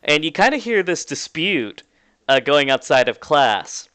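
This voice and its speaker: A man narrating a tabletop game as game master in a relaxed, chatty way. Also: fairly high pitch, measured pace, clear, resonant tone, no room sound.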